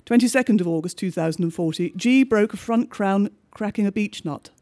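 High-voiced man reading a bleak diary. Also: darkish tone. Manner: measured, understated diary reading. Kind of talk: scripted narration of a diary story.

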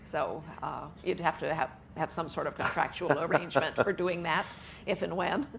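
A woman's voice: deep voice, moderate pace, vocal fry, slight background noise. A woman author being interviewed on stage at a festival, talking chattily with frequent laughs and "uh" fillers. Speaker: author guest. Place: book festival event with audience.

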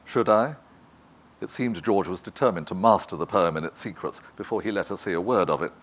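A man narrating a literary novel in a measured, even manner. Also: sits low. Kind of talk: scripted audiobook narration.

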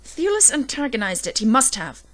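A woman's voice: a little high, very animated, normal speed, fairly bright tone, pitched above the performer's own voice. Bitter, spiteful mother in a story argument, read by a woman narrator, defiant. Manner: spitting, defiant.

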